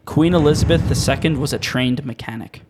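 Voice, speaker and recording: A man's voice: a little high, a little fast, background noise. A man from Canada co-hosting a podcast, playing a trivia game with his friends in an easygoing way. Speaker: podcast co-host. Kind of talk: casual chat.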